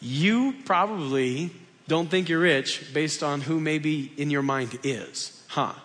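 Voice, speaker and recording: Casting: male pastor, high-pitched voice, chatty self-deprecating sermon, long hall reverb. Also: slow pace, a bit bright. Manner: conversational, self-deprecating, acts out dialogues.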